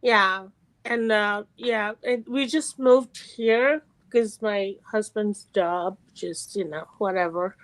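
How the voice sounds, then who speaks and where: A middle-aged woman from California calling in to chat, animated and quick to laugh, with many restarts. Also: medium pitch, rough recording. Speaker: caller. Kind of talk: casual call-in chat.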